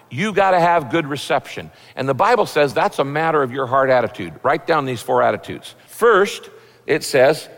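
A pastor preaching a sermon in a relaxed, folksy, conversational way, acting out little quotes as he goes. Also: on the high side, big-room sound.

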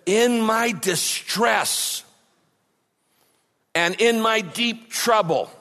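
A man preaching a sermon as a pastor, with impassioned delivery that swings from loud cries to mocking mumbles. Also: mid-range voice. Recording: long hall reverb.

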